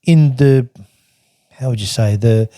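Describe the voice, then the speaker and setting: An older man from Australia recounts a long-ago journey in a loose, halting way, circling back and restarting his sentences. His voice is mellow and darkish, sitting at an ordinary pitch. The sound is dry and close. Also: no room sound. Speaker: podcast guest recounting travels. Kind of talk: casual storytelling chat.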